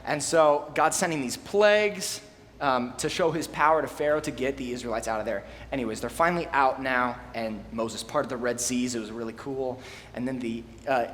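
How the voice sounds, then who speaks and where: A young man preaching a relaxed, slangy, conversational sermon in a church and reading scripture aloud. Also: a little high. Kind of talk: casual sermon. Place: church hall. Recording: long hall reverb, faint room noise.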